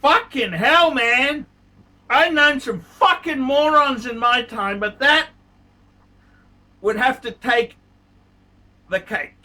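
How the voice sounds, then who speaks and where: A man's voice: extremely high pitch, slow, long pauses, bright, forceful tone, recorded from a distance. A man, a watch vlogger, ranting angrily into the camera with heavy swearing and repeated insults. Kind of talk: angry profane rant to camera.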